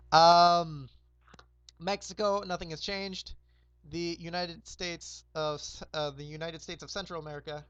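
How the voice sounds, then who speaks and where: Young man, hoarse, laid-back rambling host, lots of fillers, dull lo-fi voice chat sound. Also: a little high, fairly bright tone, no room sound. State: hoarse, sore throat. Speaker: roleplay game host. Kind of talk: casual game recap over voice chat.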